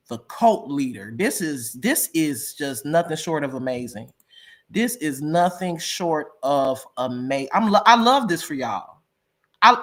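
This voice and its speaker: Animated woman cackling through gossip. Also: fairly low pitch. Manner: laughs loudly and often, dramatic, gossipy; swings between loud outbursts and quiet asides. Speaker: reaction streamer. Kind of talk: casual live-stream reaction chat.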